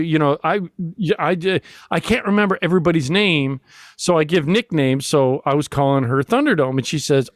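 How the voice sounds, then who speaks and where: High-pitched man, rambling storyteller, laughs at himself, dry close sound. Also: expressive, fairly quick, no room sound. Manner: rambling, laughs often, self-deprecating. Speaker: podcast host. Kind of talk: casual comedic storytelling.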